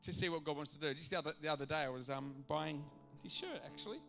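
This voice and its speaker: An animated male preacher delivers a sermon to his church, slipping into little voices as he tells his stories. His voice sits a touch high and sounds bright and forceful. A soft bed of music plays faintly behind him. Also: quick pace, gravelly. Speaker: pastor. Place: church auditorium.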